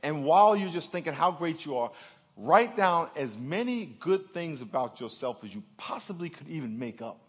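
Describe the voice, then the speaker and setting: A man preaching with a high, bright voice that swings widely up and down. He tells stories in an animated way, slipping into other people's voices as he goes. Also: normal speed, slightly rough. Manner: animated storytelling, acts out voices and laughs. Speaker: pastor. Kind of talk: sermon.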